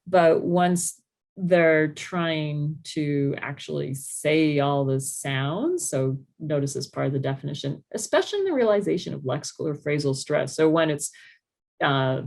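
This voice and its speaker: A woman speech-language pathologist explaining to parents in a lively way, acting out speech sounds as she goes. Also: low-pitched, measured pace, creaky. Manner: animated, demonstrates speech sounds.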